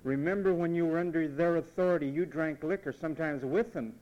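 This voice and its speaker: A man preaching a sermon, emphatic and repetitive, mimicking what others say in quick asides. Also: on the high side, a little mellow, dull audio.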